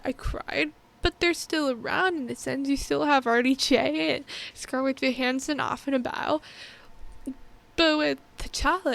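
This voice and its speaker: Fan reviewer, female, high-pitched, eager and emotional, trips over her own sentences. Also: gravelly. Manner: excited, emotional, rambling with many restarts. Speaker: movie reviewer. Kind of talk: casual spoken movie review.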